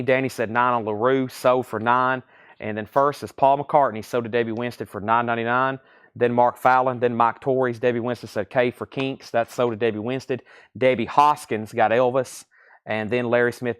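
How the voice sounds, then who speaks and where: A man hosting a live online record sale. He briskly lists titles and prices and repeats them as he goes. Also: medium pitch, clear, resonant tone. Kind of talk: live online sales stream.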